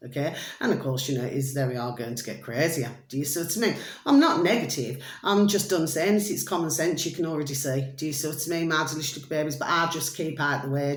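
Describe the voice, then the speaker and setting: A woman's voice: deep voice, echoey room. A woman vlogger talking casually to camera, rambling and emphatic, repeating her pet phrases.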